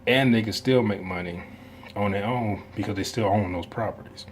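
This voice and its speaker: Man, low voice, easygoing rambling commentary, asides and chuckles. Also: moderate pace, slight background noise. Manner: rambling, full of fillers and asides, laughing. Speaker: reaction video host.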